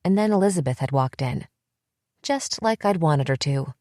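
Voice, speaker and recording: A woman reading a first-person psychological thriller audiobook in a tense, measured way on a close mic. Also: low-pitched, expressive, a little mellow, dry recording. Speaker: audiobook narrator.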